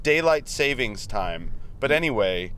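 Smooth-voiced man chatting from his car. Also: mid-range voice, sing-song, measured pace, bright, forceful tone. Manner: jokey, rambling, easily sidetracked. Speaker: podcast co-host. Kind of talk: casual chat. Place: in a car while driving. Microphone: studio dynamic mic.

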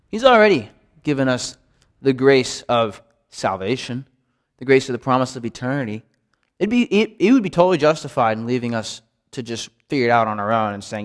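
A man teaching a midweek Bible study in a relaxed, conversational way, often repeating words to stress a point. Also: mid-range voice, a little fast. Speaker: pastor.

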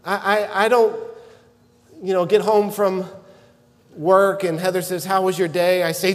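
A man preaching a sermon, earnest and measured, building to emphatic shouts at key points. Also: high voice, little pitch movement, long reverb tail. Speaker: pastor.

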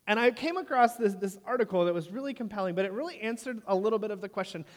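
A man's voice: high voice, quick pace. Jokey male pastor in an echoing hall. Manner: animated, jokey storyteller who asks the room "right?". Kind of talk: sermon with personal storytelling. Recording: long reverb of a large hall.

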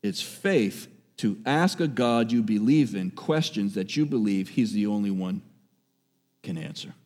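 A man preaching a sermon with emphasis, repeating key phrases and swinging between raised exhortation and hushed, quiet lines. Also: lowish voice, animated, unhurried. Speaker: pastor.

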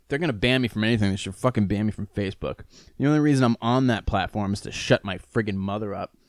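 A man's voice: fairly low pitch, fast talker, dry recording, studio quality. A man hosting his own podcast in a rambling, profane, self-mocking chat, struggling with the hiccups. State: has the hiccups. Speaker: podcast host. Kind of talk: casual solo podcast rant.

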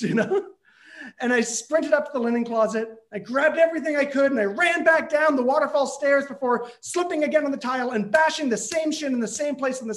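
A man telling a comic personal story, animated, building tension and bursting into shouted lines. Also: very high-pitched.

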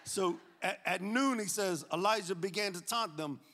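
A man preaches with a fairly high voice, animated and full of jokes. He swings from loud calls to hushed asides, and the sound rings with the long reverb of a big hall. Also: moderate pace, slight background noise. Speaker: pastor. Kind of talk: sermon.

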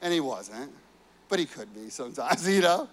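A man's voice: on the high side, very animated, moderate pace, a bit bright. A man preaching a sermon, earnest and personal, telling family stories with frequent "you know"s. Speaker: pastor.

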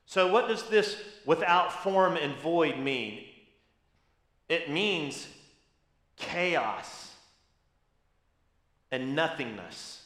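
A man's voice: on the high side, expressive, drawn-out words, long pauses, a bit bright, reverberant. A man preaching a sermon as pastor, teaching with emphasis and asking rhetorical questions.

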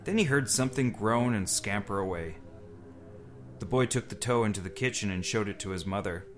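A podcast host with a lowish voice reads a spooky story aloud to friends, a little fast, breaking in with casual asides and laughs. Soft music plays in the background.

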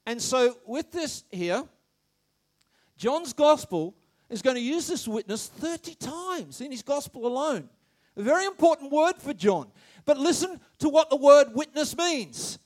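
A man preaching a sermon, animated, shouting some phrases and dropping to quiet asides, stammering when excited. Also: extremely high pitch, normal speed. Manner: animated, swings between loud shouts and quiet asides, laughs often.

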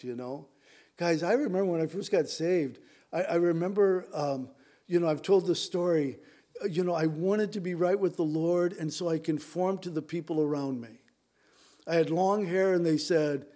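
A man's voice: a little high, moderate pace, dark tone. A middle-aged man preaching a sermon in a conversational way, often restarting and talking straight to his congregation. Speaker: pastor.

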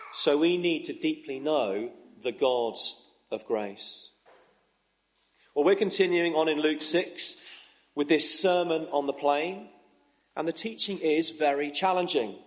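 A man delivers a sermon in a fairly high voice. He speaks earnestly and at a measured pace, lifting his voice for emphasis. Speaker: preacher.

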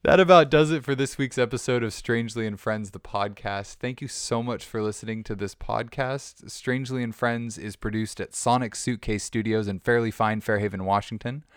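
A man's voice: mid-range voice, normal speed, hardly any pauses, clear, resonant tone, no room sound. A man hosting a podcast, talking casually in a rambling, jokey way with restarts, recorded in a studio. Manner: rambling, self-interrupting, jokey. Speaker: podcast host. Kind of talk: casual monologue.

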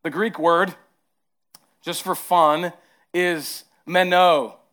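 Higher-voiced Southern pastor preaching. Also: male voice, fairly even intonation, very slow. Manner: earnest preaching that swings from hushed to emphatic. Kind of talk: sermon.

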